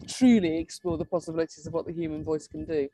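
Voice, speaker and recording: A woman's voice: sits low, level tone, fast, warm tone, breathy edge, no room sound. A woman giving an academic conference talk on neuroscience. She explains with enthusiasm, laughing now and then and restarting her sentences. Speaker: neuroscience lecturer.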